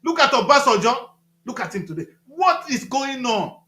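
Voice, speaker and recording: A man with a Nigerian accent giving impassioned talk-show commentary, emphatic and repetitive, with loud outbursts. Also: extremely high pitch, big pitch swings, moderate pace, roomy sound.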